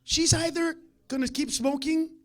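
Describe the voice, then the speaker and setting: Male stand-up comic, voice sitting very high, loud and foul-mouthed ranting delivery, live club set on a stage mic. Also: fairly even intonation, normal speed. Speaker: stand-up comedian.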